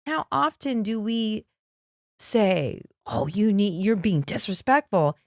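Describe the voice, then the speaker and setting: A woman's voice: medium pitch, big pitch swings, slow, a little mellow, dry recording. Middle-aged female co-host, conversational, mimics voices in anecdotes, dry close mic. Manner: conversational, acts out quoted voices. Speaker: podcast co-host. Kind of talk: casual chat.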